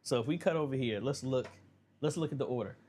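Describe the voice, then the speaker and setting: A man hosting a casual live Q&A, talking through viewer questions in a relaxed, conversational way with plenty of fillers. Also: medium pitch, fast, slight background noise. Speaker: livestream Q&A host. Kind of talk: casual livestream Q&A.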